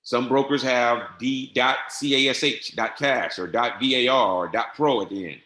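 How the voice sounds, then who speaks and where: A man teaching a software setup on a screen-share webinar, dictating settings step by step in a patient, repetitive way. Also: mid-range voice, normal speed. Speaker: trading software instructor. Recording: echoey room.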